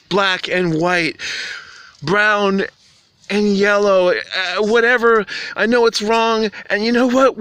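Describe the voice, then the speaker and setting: A man's voice: high-pitched, sharp tone, clean tone, dry recording. A man delivering a rambling, earnest monologue to camera, appealing to the world with preachy urgency. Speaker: vlogger.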